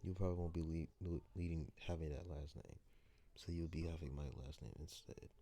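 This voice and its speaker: A man voicing a gruff young man who bluntly takes in a kid. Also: extremely low pitch, brisk, dark tone.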